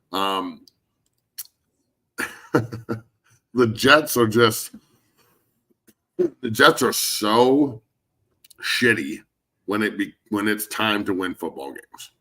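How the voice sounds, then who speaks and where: A man who is a former football player, hosting a casual sports talk show and speaking in a blunt, animated way with heavy swearing. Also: fairly low pitch, slow pace, long pauses.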